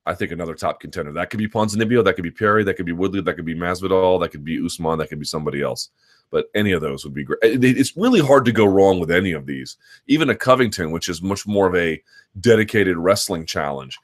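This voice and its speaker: A very low-voiced man hosting a live chat on combat sports. He talks unscripted in long, winding sentences, restarting his thoughts and hammering points home with repetition. His delivery is analytical and in earnest. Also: expressive, quick pace. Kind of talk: unscripted live-stream commentary.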